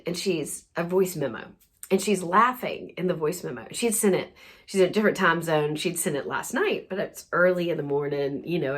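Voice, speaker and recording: A woman's voice: fairly low pitch, slightly rough. A woman hosting a wellness podcast, telling a funny story in a casual monologue and laughing often as she talks. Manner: soft and soothing in a gentle wrap-up.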